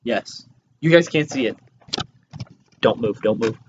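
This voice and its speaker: A man's voice: medium pitch, unhurried. A young man co-hosting a podcast, joking and teasing in casual chat on a handheld mic. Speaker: podcast co-host. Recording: dull lo-fi mic with faint noise.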